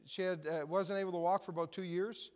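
A man preaching in a church, retelling stories with rising excitement. His voice sits fairly high. It rings with the long reverb of a large hall. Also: a little fast. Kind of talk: sermon testimony storytelling.

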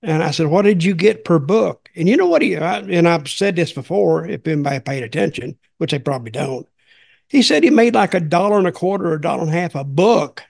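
An older man hosts a podcast, telling folksy, rambling stories in casual chat and repeating himself. His voice is a little high, creaky and a little mellow, brisk with few pauses and lively intonation.

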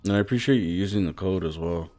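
A man's voice: low voice, quick pace, dark tone, faint music behind. A young man live-streaming a video game, chatting with viewers between bursts of swearing at the game. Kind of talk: casual live gameplay streaming.

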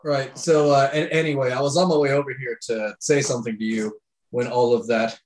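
A man playing a smooth-talking male adventurer in a tabletop game, breezy and offhand. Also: medium pitch, steady tone, brisk, a little mellow, a little hiss or hum, close to an everyday voice, rough recording.

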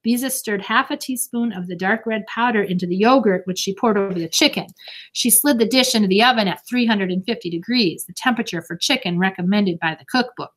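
A woman's voice: medium pitch, fairly quick. A woman narrating a children's storybook, reading steadily and expressively. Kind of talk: storybook read-aloud.

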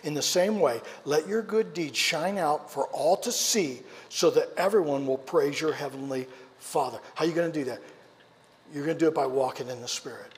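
A man preaching a sermon, telling a personal story in an animated way, moving between loud and hushed delivery. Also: a little high, moderate pace, in a large hall. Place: church sanctuary.

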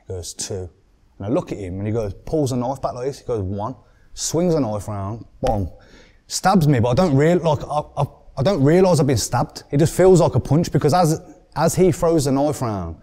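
A young man with a Birmingham accent, a podcast guest telling a story in an animated way, swearing often and acting out what people said. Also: medium pitch, fairly quick. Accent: Birmingham English. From England.

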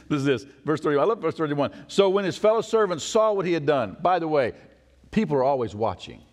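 Preaching man in a reverberant church. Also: fairly quick. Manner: expressive, acts out quoted voices with rising pitch. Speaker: pastor. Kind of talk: sermon. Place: church sanctuary. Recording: long church hall reverb.

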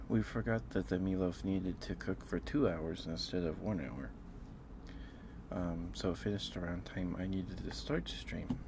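A man chatting casually on an ASMR livestream, a little out of breath from a full stomach, halting and repeating himself as he fondly greets his viewers. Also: sits low, creaky, noisy background. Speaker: ASMR streamer.

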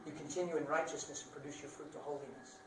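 A man preaching a sermon with dramatic swings between loud bursts and hushed lines, playful and laughing at himself now and then. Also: on the high side, fairly even intonation, fast talker, noisy background. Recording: roomy sound picked up from a distance.

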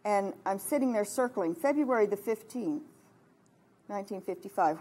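A woman in her sixties from Kansas giving a heartfelt testimony sermon at a retreat, moving between hushed and emphatic delivery. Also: mid-range voice, animated, moderate pace, husky. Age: 60s. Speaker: retreat speaker.

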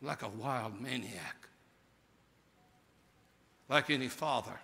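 A male preacher tells a story from the pulpit with great drama, his voice bright and cutting and pitched a little high. He leaps from shouted peaks to near-whispered lows, and the sound rings out with long reverb through a large church sanctuary. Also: expressive, measured pace. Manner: theatrical, swings from shouted peaks to hushed lows. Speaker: pastor.

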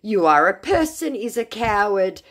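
A man's voice: high-pitched, very animated, unhurried, fairly bright tone, voice pushed up, full character voice. Woman putting on a touchy young scammer guy. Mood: angry, insulting. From Nigeria. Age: 20s. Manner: broken English, indignant and boastful. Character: young male romance scammer, touchy and defensive.

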